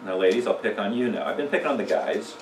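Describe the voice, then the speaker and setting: Low-ish and sing-song, a man speaks fast over a little hiss or hum, teaching a laid-back church seminar on communication with audience questions and jokes. The echoey church room is captured by a mic set well away from him.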